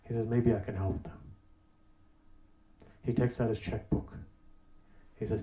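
A man preaching to a gathering, speaking at a middle pitch. He tells a story in a low, quiet voice and asks rhetorical questions, then builds to emphatic peaks. The sound is roomy and echoey. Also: fairly even intonation, normal speed, long pauses, slight background noise. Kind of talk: sermon. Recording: roomy echo.

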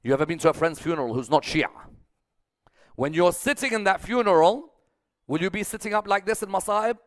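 A man's voice: high voice, expressive, brisk, dry recording, studio quality. A man giving a sermon, speaking emphatically, repeating phrases rhythmically and putting questions to his listeners. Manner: emphatic, rising to loud peaks then dropping soft. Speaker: speaker at a religious gathering.

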